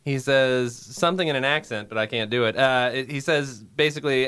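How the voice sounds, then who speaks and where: A man's voice: mid-range voice, brisk, hardly any pauses, fairly bright tone, smooth. A man on a comedy podcast in casual chat, hesitating with fillers before delivering jokes.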